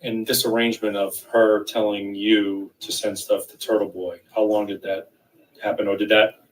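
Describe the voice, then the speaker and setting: A man's voice: fairly low pitch, flat delivery, moderate pace. A man interviewing, asking brief, pointed follow-up questions. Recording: voice distant from the mic.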